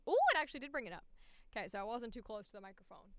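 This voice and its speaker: A woman's voice: mid-range voice, lively intonation, rapid-fire, bright, forceful tone, no room sound. Chatty woman streaming voice auditions. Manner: casual, chatty, self-critical. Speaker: voice actor. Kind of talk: live-streamed audition session.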